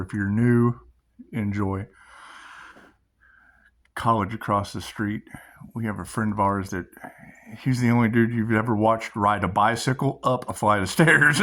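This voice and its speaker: A middle-aged man with a mid-range, fairly bright voice hosts his own channel. He delivers a rambling spiritual monologue full of storytelling, swearing casually and laughing often.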